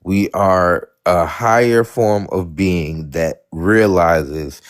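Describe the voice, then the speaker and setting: A man with a low-pitched voice talks in a blunt, slangy way. He is from the United States and is chatting casually as the host of a podcast. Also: extremely slow. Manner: blunt, slangy, speaks his mind. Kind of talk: casual chat.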